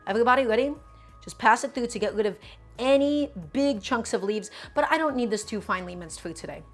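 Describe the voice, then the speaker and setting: A woman with a fairly high voice leads a cooking demonstration from her home kitchen. She talks straight to her viewers, repeats each step and stresses the points she cares about. Soft music plays faintly underneath. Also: lively intonation, a little fast. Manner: emphatic, repeats instructions, addresses viewers directly. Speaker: cooking show host.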